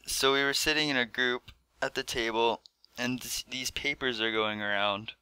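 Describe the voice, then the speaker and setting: A man's voice: medium pitch, fairly even intonation, moderate pace, sharp tone, clear, resonant tone, dry recording. A teenage boy telling a storytime vlog in casual chat, rambling with lots of fillers. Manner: rambling, filler-heavy with many "like"s. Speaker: vlogger. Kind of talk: storytime commentary.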